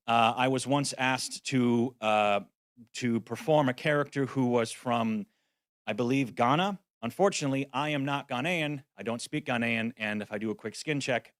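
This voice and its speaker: A man's voice: medium pitch, a bit bright, no room sound, clean studio sound. A man, a voice actor, giving a practical conference talk with wry, self-deprecating asides. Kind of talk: conference presentation. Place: conference venue.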